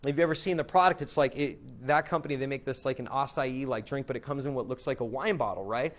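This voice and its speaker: Fast-talking man telling a rambling story. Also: mid-range voice. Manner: rambling, peppered with "like" and "right?". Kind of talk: casual anecdotal storytelling.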